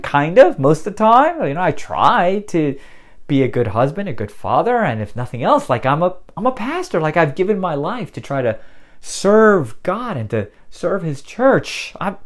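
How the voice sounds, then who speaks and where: A man's voice: a little high, sing-song, measured pace. A male pastor preaching a sermon in a conversational, dramatic storytelling way, often restarting his phrases.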